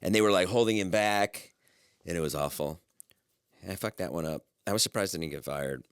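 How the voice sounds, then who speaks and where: A middle-aged man co-hosting a podcast, telling an animated story in casual chat and swearing freely. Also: low voice, fairly quick, smooth, no room sound, clean studio sound. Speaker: podcast co-host.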